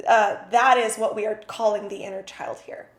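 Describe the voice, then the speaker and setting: A woman's voice: mid-range voice, steady tone, moderate pace, echoey room. A woman hosting a podcast, talking candidly and animatedly, with casual swearing. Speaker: podcast host. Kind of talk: candid conversational chat.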